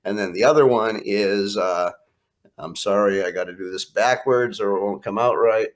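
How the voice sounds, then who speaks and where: A man's voice: fairly low pitch, normal speed. An American man, a Spanish teacher, talking students through a worksheet in a screencast lesson, with lots of uh fillers and Spanish phrases read aloud. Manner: plain explaining pace with frequent uh fillers, drops into Spanish phrases. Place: home or classroom with art prints behind him.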